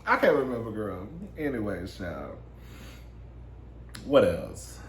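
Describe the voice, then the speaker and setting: A man's voice: fairly low pitch, very animated, slow pace, roomy sound, slight background noise. A man doing a casual celebrity gossip monologue, sassy and laughing often, calling listeners girl and honey. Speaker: gossip commentator.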